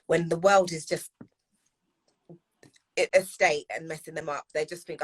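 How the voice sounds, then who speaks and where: A woman's voice: low-pitched, fairly even intonation, unhurried, pauses often, breathy edge. A woman speaking as a guest in a live discussion, earnest and repeating phrases for emphasis. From United Kingdom. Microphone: video call.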